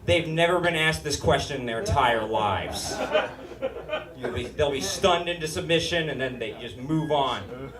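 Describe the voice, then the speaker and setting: A man's voice: mid-range voice, lively intonation, moderate pace, recorded from a distance, a crowd in the background. A man from Utah doing a stand-up comedy set, with a nasal, whiny voice and sardonic, swearing punchlines. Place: small comedy stage with live studio audience. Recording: roomy stage with audience laughter.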